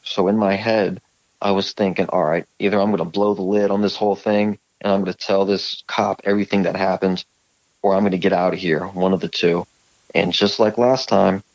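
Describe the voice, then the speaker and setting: Male guest from California, very low voice, halting, dry close sound. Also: darkish tone, no room sound, rough recording. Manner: rambling, halting, many fillers and restarts. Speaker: guest telling encounter stories. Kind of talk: casual storytelling on a call.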